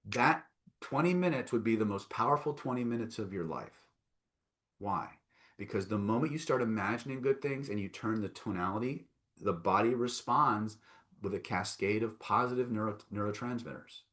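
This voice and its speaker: With a lowish, fairly bright voice at normal speed, a man hosts a live online self-help lesson. He's emphatic and coaxing, checks in again and again with "right?" and "okay?", and reads out answers posted in chat.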